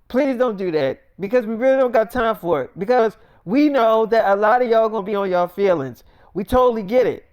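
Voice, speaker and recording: A man's voice: high-pitched, a little mellow, clean tone, voice pushed up. A man voicing weary TV producers who speak in a blunt, profane, matter-of-fact way, in an improvised spoken story.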